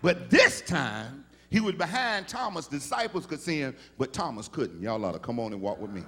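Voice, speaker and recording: A male pastor, preaching a sermon in a storytelling way that rises into shouted preaching. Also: medium pitch, sing-song, moderate pace, husky.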